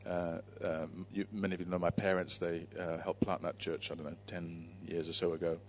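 Man, low flat voice, church leader, halting intro and prayer. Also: a little hiss or hum. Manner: halting, many fillers.

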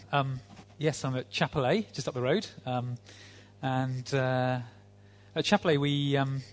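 A man's voice: mid-range voice, steady tone, slow pace. Male preacher, conversational sermon delivery, dry humor. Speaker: visiting preacher.

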